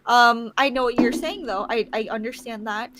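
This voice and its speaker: Brief: bright, high-voiced young woman, casual co-host banter, faint background hiss. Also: moderate pace. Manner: chatty, laughs often, reads chat aloud. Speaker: podcast co-host. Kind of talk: casual livestream chat.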